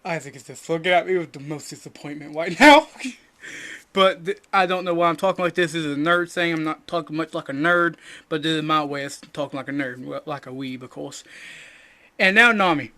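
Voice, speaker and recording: A young man co-hosting a podcast, ranting crudely and jokingly, swinging from loud bursts to mumbled asides. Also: on the high side, a little fast. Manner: loud, jokey and profane, drops to mumbling asides. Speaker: podcast co-host. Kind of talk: casual crude rant.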